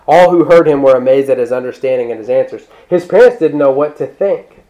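A male pastor preaching a sermon in a conversational, animated way, breaking off into asides and restarting his sentences. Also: mid-range voice, a little fast, low-quality recording. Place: church.

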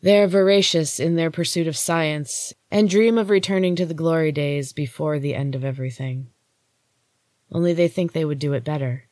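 Grave, hushed golden goddess with a low, measured delivery, read by a woman; storybook reading, dry close sound. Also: no room sound, natural voice. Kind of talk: audiobook-style story reading.

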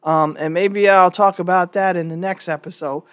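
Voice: medium pitch, fairly even intonation, normal speed, no room sound. A vlog host giving frank, casual opinion commentary, often restarting words mid-sentence.

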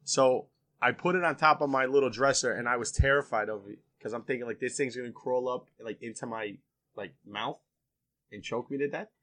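Casting: bright-voiced male podcast co-host, animated, laughs a lot. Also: medium pitch, brisk. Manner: animated storyteller, laughs often. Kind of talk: casual chat.

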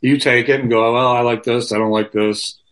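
A man's voice: medium pitch, steady tone, moderate pace, a bit bright. A man being interviewed from his home over a remote call, in a mid-range voice. He talks frankly and loosely, swears freely, and often restarts his sentences as he works through his thoughts. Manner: frank and profane, rambling with many restarts. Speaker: guest musician. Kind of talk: candid conversational interview.

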